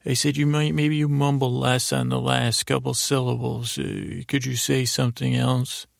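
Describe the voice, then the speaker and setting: A man improvising a rambling bedtime story as a sleep podcast host, halting with many restarts and fillers. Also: mid-range voice, fairly even intonation, gravelly, dry recording, studio quality.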